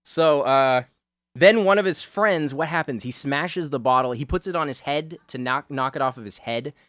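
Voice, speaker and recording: A man's voice: fairly high pitch, normal speed, a bit bright, no echo. Rambling, chuckling man, dry close sound. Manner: rambling, self-mocking, laughs often, swears casually. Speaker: video host. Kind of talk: rambling casual chat while drawing.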